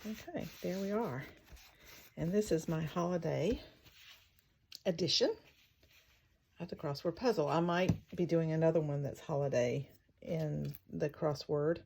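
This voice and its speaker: Slow gravelly woman chatting while crafting. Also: sits low. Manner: slow, chatty, thinking aloud while working; spells words out in soft whispers as she writes. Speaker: craft channel host. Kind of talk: casual crafting vlog.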